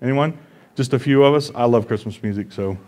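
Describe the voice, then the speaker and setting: A male pastor with a Midwestern American accent delivers a casual, joke-filled sermon. His voice sits at an ordinary middle pitch. He keeps turning to the congregation with little asides and questions. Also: a little fast, dark tone. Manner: conversational, joking, often asks the congregation "right?". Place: church sanctuary.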